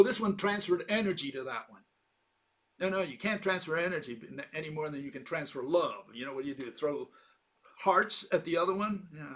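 A man's voice: on the high side, a bit bright. Argumentative man lecturing on physics. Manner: argumentative, repetitive, emphatic with rhetorical questions. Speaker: host. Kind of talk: lecturing monologue.

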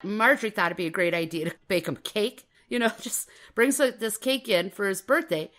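A woman from Minnesota, co-hosting a casual true-crime podcast and telling the story in an animated way, repeating phrases for effect. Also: medium pitch, fairly quick. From Minnesota, USA. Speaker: podcast co-host.

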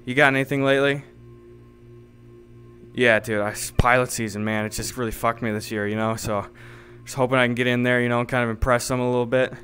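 A man streaming from home, improvising a comedy role-play in a halting, rambling way full of fillers. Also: mid-range voice, steady tone, fairly bright tone, faint music behind. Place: home streaming setup, playing in virtual reality.

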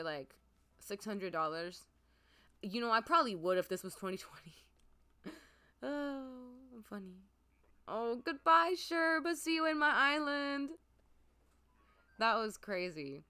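A woman streamer chatting casually as she plays a game, gushing and excitable, with a mid-pitched voice. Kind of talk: casual gameplay commentary.

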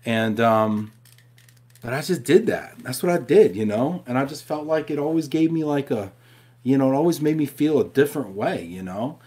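A man's voice: medium pitch, lively intonation, moderate pace, a little mellow, breathy edge. A man hosting a live stream from home, chatting casually and reading viewer questions, upbeat and talking straight to his audience. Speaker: host of a live show.

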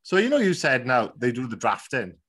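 A Welsh man with a Welsh accent hosting a podcast, talking in a relaxed, chatty way with lots of fillers. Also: medium pitch, brisk, breathy edge. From Wales. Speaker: podcast host. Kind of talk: casual podcast chat.

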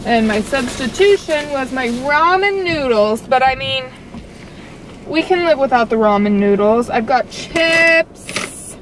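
A young woman with a high, lively voice and a measured pace vlogs casually from a car about life as a tarantula keeper. She rambles with lots of fillers, and the audio is poor, with vehicle noise in the background.

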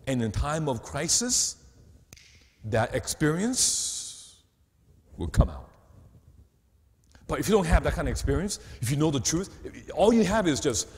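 A man preaching a sermon, swinging between loud and hushed and checking in with his listeners through rhetorical questions. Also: on the high side, very animated, unhurried, pauses often. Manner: asks the audience rhetorical questions. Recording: long hall reverb.

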